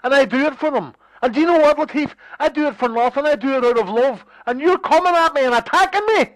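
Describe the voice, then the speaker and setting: Brief: high-voiced man, furious and sweary on the phone, dry close sound. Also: quick pace, a bit bright, dry recording, poor audio. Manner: angry, sweary, insistent. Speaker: online promoter. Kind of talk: heated phone argument.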